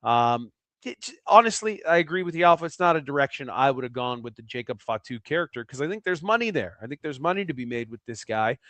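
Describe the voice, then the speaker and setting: A man co-hosting a casual sports podcast. He weighs his opinions aloud and often repeats words as he goes. The voice is mid-pitched and recorded dry and close. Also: expressive, fast talker, a bit bright, no echo. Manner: thoughtful, repeats words as he thinks. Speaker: podcast co-host.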